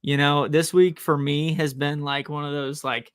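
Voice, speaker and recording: A man's voice: a little high, flat delivery, normal speed, fairly bright tone, clear, resonant tone, no room sound, clean studio sound. A man co-hosting a sports podcast, chatting casually and rambling with frequent restarts. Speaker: college professor, podcast co-host.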